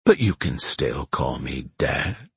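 A man voicing a menacing middle-aged killer who is a father, speaking low, slow and taunting in an audiobook. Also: sing-song, creaky, slightly rough, dry recording, exaggerated voice. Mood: cold menace. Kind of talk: audiobook character voice.

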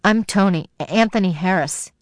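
A woman's voice: medium pitch, normal speed, dry recording, studio quality, lightly acted. Woman voicing a nervous teenage boy. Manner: nervous, stammering. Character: frightened teenage boy, defensive.

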